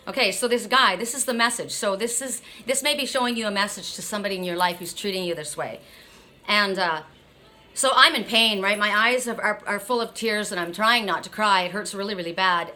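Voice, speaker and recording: A middle-aged woman rants bluntly in a casual vlog, her voice bright and forceful. She talks with a numb mouth after dental surgery and swears freely. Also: medium pitch. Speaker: oracle card reader.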